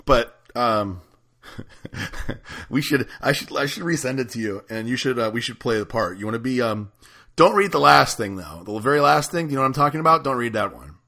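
Bright-voiced podcast host. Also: male voice, mid-range voice, animated, moderate pace, gravelly. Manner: loose, profane banter. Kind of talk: casual chat.

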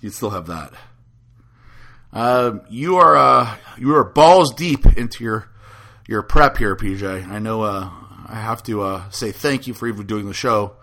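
Bright-voiced chatty podcast host man. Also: fairly low pitch, a little slow. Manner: chatty, laughing, animated retellings. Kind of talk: casual chat.

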